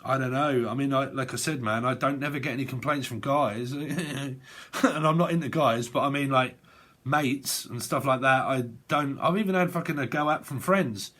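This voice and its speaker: A man's voice: mid-range voice, normal speed, a bit bright. A man giving a casual tarot reading, rambling and swearing, often breaking into laughter. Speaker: tarot reader.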